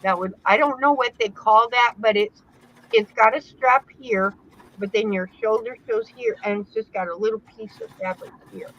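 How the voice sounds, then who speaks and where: A woman's voice: fairly high pitch, moderate pace, a bit bright, slight background noise. A woman explaining sewing problems in a rambling, exasperated way during a casual chat. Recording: dull lo-fi sound.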